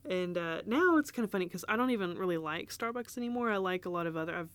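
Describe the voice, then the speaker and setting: A woman's voice: on the low side, animated, fast talker, dry recording. A woman, hosting a podcast and telling stories in a rambling, chatty way with frequent laughs. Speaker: podcast host and business owner. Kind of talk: casual podcast storytelling.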